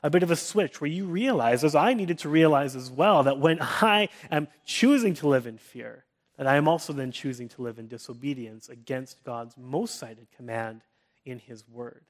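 A man in his thirties preaching an earnest sermon, often restarting his phrases and dropping to a soft hush for comforting words. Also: medium pitch, normal speed. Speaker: pastor.

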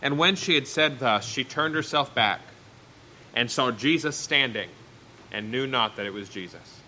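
A man's voice: mid-range voice, expressive, moderate pace, sharp tone, slight background noise, rough recording. A man preaching a sermon, reading Bible verses aloud and then explaining them in plain, everyday words.

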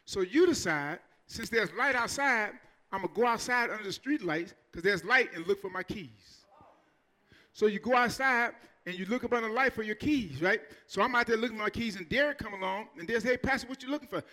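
High, bright-voiced preaching pastor, a man. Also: animated, brisk. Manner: preaching with bursts of shouting and laughter. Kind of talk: sermon.

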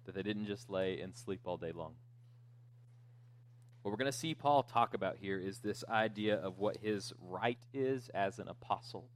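A man preaching as pastor, telling a children's story with asides and jokes in a relaxed, conversational way. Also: on the low side. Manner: joking storyteller, lively and conversational. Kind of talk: sermon.

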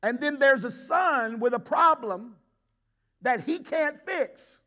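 Middle-aged male pastor, high pitch, animated sermon delivery. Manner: impassioned, voicing the father's plea with rising intensity; rhetorical questions to the congregation. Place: church sanctuary.

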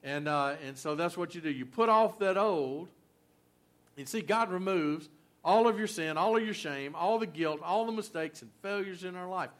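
A man's voice: high voice, moderate pace, fairly bright tone. A man preaching a sermon in a folksy, conversational way, full of fillers and asides. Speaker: pastor.

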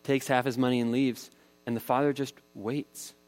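A man's voice: mid-range voice, little pitch movement, moderate pace. A man in his thirties preaching a sermon, telling a family story in a casual, conversational way. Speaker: pastor.

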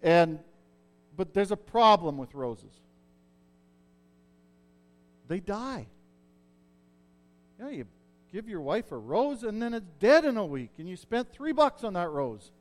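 High-voiced man preaching conversationally. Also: very animated, takes it slowly, pauses often. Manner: conversational preaching, checks in with listeners. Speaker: pastor. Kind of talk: sermon.

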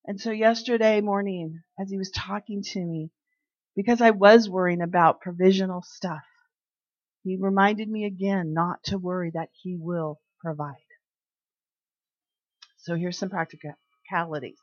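A woman sharing personal faith testimonies in an animated way, acting out the dialogue in her stories. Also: on the low side, a little slow, no echo. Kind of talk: personal devotional storytelling. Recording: dry, slightly dull lo-fi sound.

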